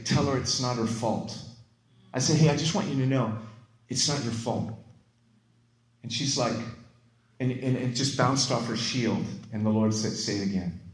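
A pastor preaching in a fairly high voice that sits a little above most men's. He tells his stories in an excited rush, starting over and repeating words as he goes. His voice rings around an echoey room. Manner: excited, fast storytelling with many restarts and repeated words. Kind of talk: sermon.

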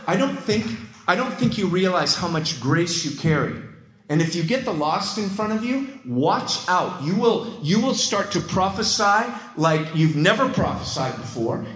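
A man preaching a sermon, telling stories in an excited rush, with many restarts and repeated words. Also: sits high, reverberant, low-quality recording. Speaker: pastor.

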